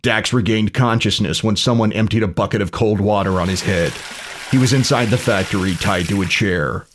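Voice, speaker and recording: A man narrates a parody pulp story in a dry, deadpan way. His voice is fairly low, and he reads at a very unhurried pace.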